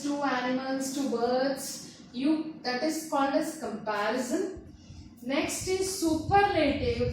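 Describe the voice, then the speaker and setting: Woman teacher, high voice, very slow delivery, sounds set back from the mic in an echoey room. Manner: slow, deliberate, stretches words to show syllables. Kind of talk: classroom grammar lesson. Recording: echoey room, voice from a distance, faint noise.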